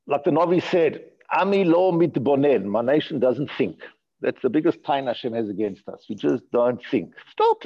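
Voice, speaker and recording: A man teaching a Torah class in an animated way, asking rhetorical questions and often repeating his words. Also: mid-range voice, creaky, slightly rough. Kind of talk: Torah lecture. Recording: dull lo-fi recording.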